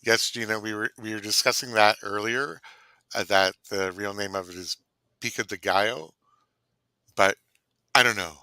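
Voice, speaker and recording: A middle-aged man with a low, bright and forceful voice chats on a cooking live stream. He teases and laughs a lot. The sound is close and dry. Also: fairly even intonation, moderate pace, smooth, dry recording. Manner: playful, teasing, laughs often. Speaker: cooking show co-host. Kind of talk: casual live-stream chat. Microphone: computer mic.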